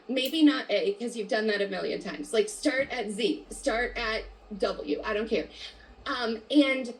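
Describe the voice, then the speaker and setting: A woman's voice: fairly high pitch, poor audio. A woman in her thirties coaching a live online training, upbeat and chatty, reading out answers from the chat as she goes. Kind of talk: live webinar coaching talk.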